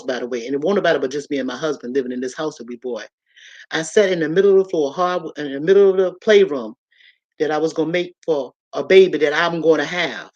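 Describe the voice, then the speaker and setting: Animated woman telling a personal story. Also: sits low, muffled recording. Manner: animated, addresses listeners as y'all.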